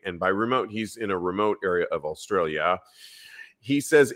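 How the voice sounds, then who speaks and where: Man, podcast host, upbeat, bright tone, lowish voice. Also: lively intonation, normal speed. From San Francisco. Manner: upbeat, reads listener emails and announcements. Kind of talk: live podcast chat.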